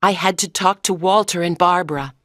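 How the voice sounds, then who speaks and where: A woman narrating a graded-reader story for language learners in a clear, careful reading. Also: fairly low pitch, steady tone, fairly quick, a bit bright, dry recording, clean studio sound. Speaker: audiobook narrator.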